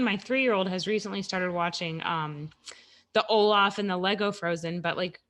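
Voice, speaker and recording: A woman's voice: medium pitch, pushed and bright. A woman in her thirties co-hosting a podcast, chatting casually and wryly at home, swearing now and then. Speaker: podcast co-host. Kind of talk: casual chat.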